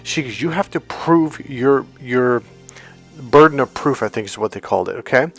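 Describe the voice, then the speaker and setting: Middle-aged male coach, mid-pitched, lively storyteller who swears, acts out quotes; light music bed. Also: moderate pace. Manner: animated, swears freely, acts out quoted people. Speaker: dating coach. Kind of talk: casual storytelling monologue.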